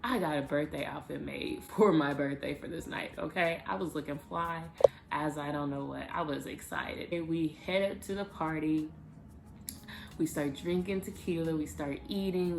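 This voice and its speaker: A woman vlogger telling a personal story to the camera in a casual, animated way, with emphatic bursts. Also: sits low, moderate pace, creaky.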